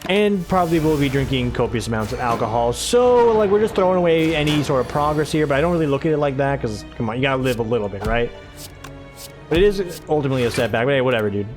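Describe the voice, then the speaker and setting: A man's voice: mid-range voice, lively intonation, quick pace, over music. A man casually commentating his own game playthrough, rambling, tripping over his words and swearing offhandedly. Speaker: let's play host.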